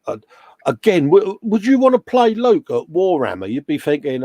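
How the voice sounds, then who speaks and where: A middle-aged Englishman co-hosts a casual live chat, jokey and full of friendly slang, calling everyone mate. His high voice is very animated and dark in tone, at a moderate pace, with no room sound.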